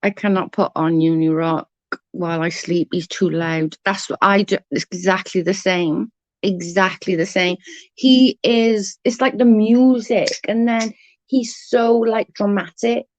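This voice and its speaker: A woman hosting a casual live stream, chatting with viewers and reading their messages, blunt and quick to swear when annoyed. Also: medium pitch, steady tone, dry recording. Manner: chatty, reads and answers chat messages. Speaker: livestream host.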